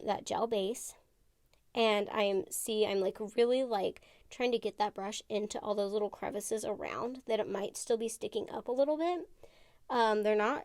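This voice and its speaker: A woman's voice: mid-range voice, darkish tone, no echo. Chatty woman with dry sound. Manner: chatty, rambling, self-interrupting asides. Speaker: nail tutorial vlogger. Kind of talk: casual how-to vlog narration.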